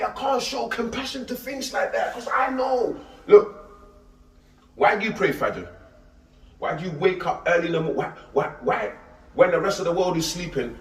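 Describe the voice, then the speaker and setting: A middle-aged man giving an animated, slangy street talk, repeating himself and firing questions at his listeners. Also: a little high, a little hiss or hum. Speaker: street preacher. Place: outdoors on a street. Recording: echoey street audio from a distance.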